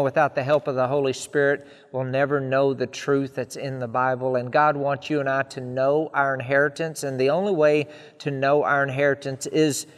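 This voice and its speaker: A man's voice: medium pitch, in a large hall. A man preaching a sermon in an earnest style, building emphatic repeated lists.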